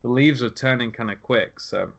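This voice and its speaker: A man's voice: mid-range voice, normal speed, gravelly, fairly bright tone, dull audio. Wry British man chatting. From Britain. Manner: wry, joking. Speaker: podcast co-host. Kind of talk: casual chat.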